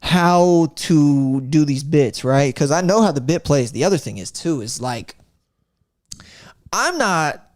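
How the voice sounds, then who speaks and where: A man from Florida, a comedian guest on a podcast, telling stories in an animated, casual way and cursing freely. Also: on the high side, measured pace, hardly any pauses, no room sound, clean studio sound. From Florida, USA. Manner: animated storyteller, swears freely, acts out others' voices.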